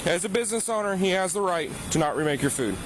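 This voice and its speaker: Male cop, brisk and calm, firm explainer, bodycam audio with street noise. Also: high-pitched. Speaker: police officer. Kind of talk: bodycam conversation. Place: outdoors by a fast food restaurant. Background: traffic and street noise.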